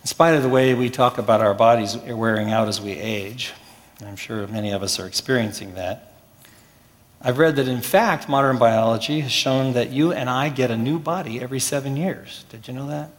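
Man preaching in a reverberant church. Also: medium pitch. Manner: measured preaching with slow emphatic pauses. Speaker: pastor. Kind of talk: sermon.

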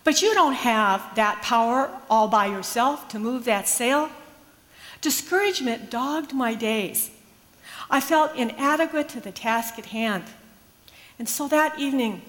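A woman's voice: fairly high pitch, fairly bright tone. Earnest woman pastor telling a story. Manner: earnest, measured, reflective. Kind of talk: personal faith storytelling. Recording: long hall reverb.

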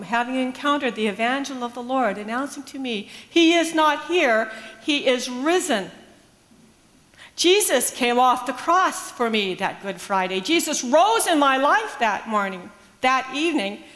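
A woman pastor recounts a personal story of faith, earnest and reflective. Her voice sits a little high, and each measured phrase trails into a long, echoing hall reverb. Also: fairly bright tone.

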